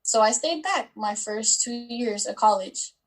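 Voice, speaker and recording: A woman's voice: a little high, unhurried, low-quality recording. A woman in her twenties sits as a guest in an interview and recounts her story in an easy, conversational way. She fills her sentences with likes and ums as she talks. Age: 20s. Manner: chatty, with many likes and ums.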